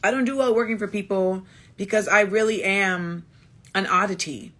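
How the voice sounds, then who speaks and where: A woman's voice: medium pitch, moderate pace, a bit bright. A woman hosting a casual livestream monologue into a phone, blunt and emphatic, restating her points again and again. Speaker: livestream host.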